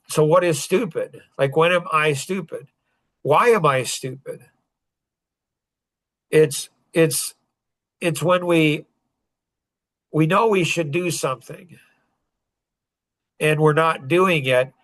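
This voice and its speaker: A man's voice: a little high, slow, long pauses, fairly bright tone, no room sound. Earnest rambling man telling a story. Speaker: self-improvement speaker. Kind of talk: personal storytelling talk.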